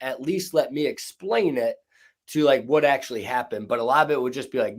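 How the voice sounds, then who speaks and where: A young man with a mid-pitched voice chats loosely as a podcast guest. His speech is full of "like" and "you know" and catches now and then on a mild stutter. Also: a little fast. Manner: stutters at times; rambling, filler-heavy. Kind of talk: casual conversation.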